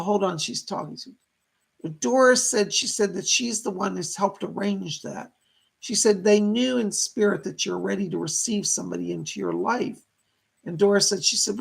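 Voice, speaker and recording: A man hosting a live psychic reading stream, thanking viewers and passing on messages from spirits in a chatty, animated way. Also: high-pitched, vocal fry, slightly rough. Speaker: psychic medium host.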